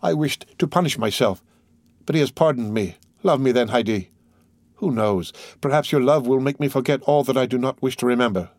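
A man's voice: mid-range voice, darkish tone, dry recording, natural voice. A man reading a solemn noble count. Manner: solemn, measured. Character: noble brooding older male count.

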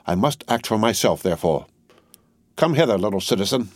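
A man reading the part of a stern, ruthless middle-aged female revolutionary, speaking in a cold, commanding, deliberate way. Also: fairly low pitch, animated, dry recording.

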